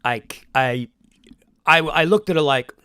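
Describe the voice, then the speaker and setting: A man's voice: on the high side, unhurried, sharp tone, smooth, no room sound, clean studio sound. A man telling a long emotional story in a rambling live-stream monologue, swearing often.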